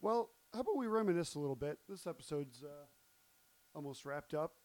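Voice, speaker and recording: A man's voice: a little high, animated, a little fast, a little mellow, no echo. A young man with a slightly raised voice co-hosts a podcast, tossing out wry jokes and laughing often. The sound is dry and close, with no room around it. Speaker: podcast co-host. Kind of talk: casual chat.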